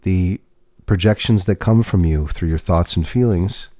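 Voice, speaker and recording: A man with a low, mellow voice hosts a casual livestream, slowly musing as he lays out tarot cards. He trails off and restarts his thoughts. The sound is dry and close. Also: no echo. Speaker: podcast host reading tarot.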